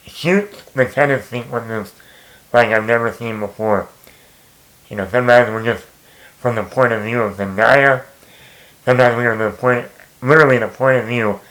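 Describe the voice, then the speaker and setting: Young male movie reviewer, casual and rambling, mid-range voice, keeps restarting phrases, lively asides. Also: mid-range voice, poor audio. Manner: rambling, repeats and restarts words, animated asides.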